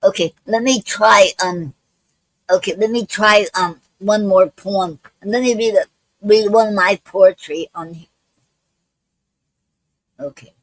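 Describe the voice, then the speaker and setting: A woman poet hosting a live stream, out of breath, talking in a halting way with many fillers and restarts. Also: mid-range voice, no echo, rough recording. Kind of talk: casual live-stream chat and poetry reading.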